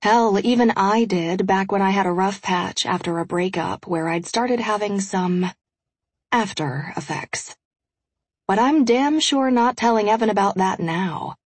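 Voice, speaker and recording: A woman's voice: mid-range voice, a little slow, breathy edge, no room sound. A woman narrating a first-person audiobook in a frank, conversational way.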